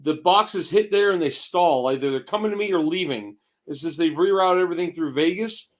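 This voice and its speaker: A man in his fifties co-hosting a casual chat, gruff and rambling, with restarts and swearing. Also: fairly high pitch, fairly quick. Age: 50s. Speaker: co-host.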